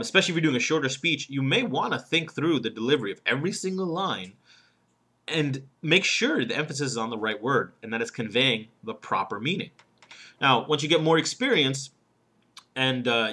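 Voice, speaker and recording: A man's voice: mid-range voice, pushed and bright, slightly rough. A man, a professional speaker and humorist, giving an instructional talk on delivery, leaning hard on key words and checking in with the listener. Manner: emphatic, stresses single words to demonstrate; conversational, checks in with "okay?".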